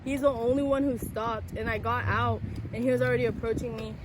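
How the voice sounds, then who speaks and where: A woman's voice: on the high side, steady tone, brisk, very noisy. A young woman casually telling a personal story as co-host, chatty and full of fillers.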